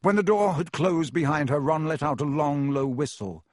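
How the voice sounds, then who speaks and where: A man narrating an audiobook in a measured, expressive storytelling style. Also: on the high side, no echo, studio quality. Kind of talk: scripted narration.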